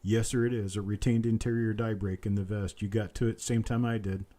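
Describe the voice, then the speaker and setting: A man hosting a live online coin auction from home, repeating bid calls in a steady chant and breaking off into folksy chat. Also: lowish voice, a little fast. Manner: repetitive bid-calling chant mixed with folksy banter. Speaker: auctioneer host. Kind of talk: live online auction calling with chatty asides.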